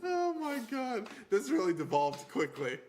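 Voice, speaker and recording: A man co-hosting a podcast in crude, mocking banter, his voice rising and falling a lot as he laughs through his lines. There is a clear hiss of noise under the recording. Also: sits high, wildly swooping pitch, a little slow. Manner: laughs often, profane and mocking. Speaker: podcast co-host.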